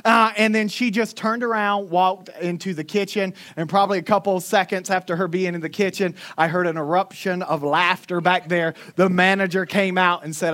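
A man's voice: sits high, fairly even intonation, fairly quick, few pauses, a bit bright. Man, thick Southern US accent, pastor, folksy sermon storytelling, self-mocking. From Florida Panhandle, US.

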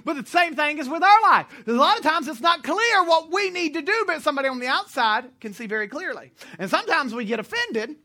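A pastor preaching to a congregation in church, animated and joking, sometimes shouting. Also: male voice, very high-pitched, a little fast, hardly any pauses. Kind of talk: sermon.

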